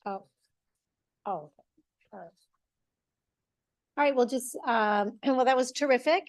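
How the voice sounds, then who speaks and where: A woman's voice: on the high side, unhurried. Woman chairing a school board meeting.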